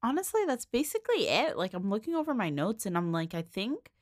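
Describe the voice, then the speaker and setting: A woman's voice: on the high side, sing-song, a little fast, dry recording, clean studio sound. A young woman hosting a podcast, chatting casually in a frank, filler-heavy way with lots of swearing. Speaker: podcast host. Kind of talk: casual solo recap chat.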